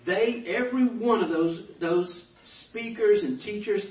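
A pastor giving a personal testimony to a banquet audience, telling it as animated stories with self-deprecating humor. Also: male voice, sits high, a little slow. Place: banquet hall. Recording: echoey hall, distant mic, dull sound.

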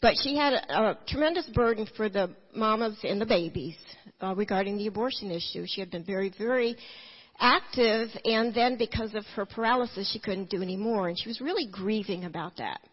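A woman's voice: mid-range voice, a little fast, breathy edge, long reverb tail, muffled recording. A woman telling her personal testimony in church, earnest and full of restarts. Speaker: testimony speaker.

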